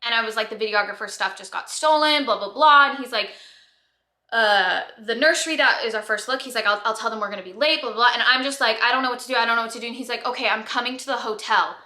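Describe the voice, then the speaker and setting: Bubbly young woman, bright and echoey. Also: on the high side, fast. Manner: animated, breathless storytelling with lots of "like". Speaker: vlogger. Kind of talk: casual storytelling. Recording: echoey room.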